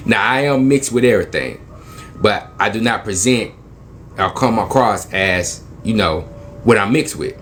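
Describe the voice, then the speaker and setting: A man's voice: lowish voice, measured pace, slight background noise. A young man from East Saint Louis, Illinois, retelling a tense story in slangy, emphatic speech, acting out both sides of the dialogue and repeating phrases for weight.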